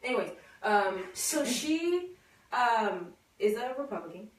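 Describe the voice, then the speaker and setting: A woman's voice: a little high, big pitch swings, unhurried. A woman on a discussion panel sharing candid anecdotes and laughing through them. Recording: echoey distant room, faint noise.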